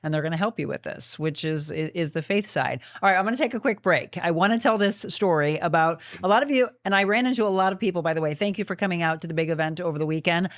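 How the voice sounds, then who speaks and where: Woman talk show host, quick and upbeat, dry close recording. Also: fairly low pitch, no echo.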